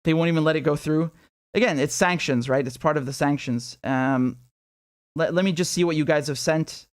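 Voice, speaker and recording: This independent political host is a young adult man whose voice sits on the high side, moving at a moderate pace. The studio recording is clean with no echo. Running his live stream, he rants with sarcasm and swearing, restarts his sentences clumsily and reads out donors' messages.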